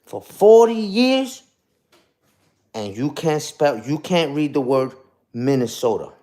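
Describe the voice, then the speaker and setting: A man's voice: fairly high pitch, big pitch swings, slow pace, warm tone. Taunting man ranting on a live stream. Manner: taunting, repetitive, peppers lines with "you heard?". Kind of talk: casual live-stream rant.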